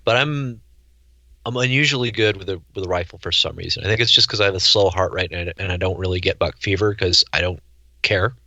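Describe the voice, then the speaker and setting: A middle-aged man with a low, bright-edged voice, telling stories in a dry, wry way. His sound is dull and slightly lo-fi, and the recording is dry with no room. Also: fast talker, no echo. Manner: dry, wry storyteller who acts out voices. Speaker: guest chef and hunter. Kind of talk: casual interview chat.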